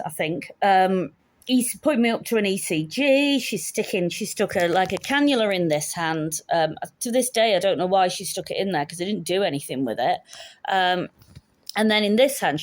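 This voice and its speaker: Woman in her fifties, casual storytelling, wry and candid, acts out the dialogue, medium pitch. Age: 50s. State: shaken, stressed. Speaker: vlogger.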